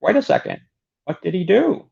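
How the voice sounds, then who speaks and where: Brief: man doing a raised, gravelly questioner, quizzing insistently, lo-fi. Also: huge pitch swings, moderate pace, darkish tone, heavily acted. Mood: questioning. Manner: pressing questions, raised pitch. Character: calm man questioning a frightened fugitive. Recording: dull lo-fi recording.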